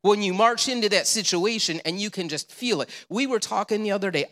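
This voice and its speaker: A male pastor with a high voice delivers an animated sermon built on storytelling, posing rhetorical questions and repeating the answers. The audio carries the sound of a big room.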